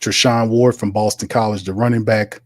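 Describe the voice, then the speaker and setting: A man hosting a casual sports talk livestream, animated and slangy, calling his viewers fam and rambling loosely between points. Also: on the low side, normal speed, no echo, clean studio sound. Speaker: sports talk show host.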